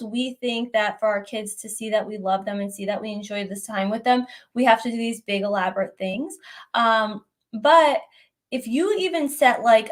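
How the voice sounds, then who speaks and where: A young adult woman hosting a live question-and-answer stream, giving advice in a conversational, gently reassuring way and often checking in with "right?". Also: a little high. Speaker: host answering viewer questions.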